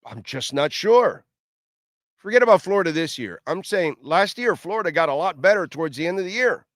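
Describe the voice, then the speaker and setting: Middle-aged guy on sports radio, kinda high voice, dry close mic, blunt and opinionated. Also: big pitch swings, a little fast, no echo. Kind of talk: sports talk radio rant.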